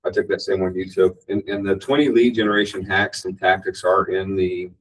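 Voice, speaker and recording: A man speaking casually on a discussion panel, conversational and animated when quoting others. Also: low voice, brisk, far from the mic, poor audio.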